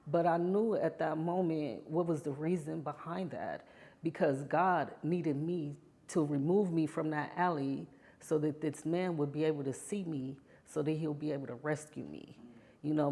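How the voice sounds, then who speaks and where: A woman with a low voice tells her own story in an interview. She speaks from the heart and keeps adding "you know" as she goes. She gets lively when she recalls past moments. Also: normal speed. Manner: grows animated when reliving past moments. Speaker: interview guest. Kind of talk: personal testimony interview.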